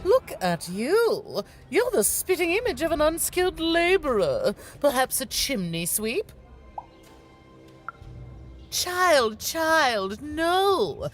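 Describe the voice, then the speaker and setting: A woman's voice: high voice, sing-song, takes it slowly, heavily acted. A prim, snobbish society lady. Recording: game audio with music behind.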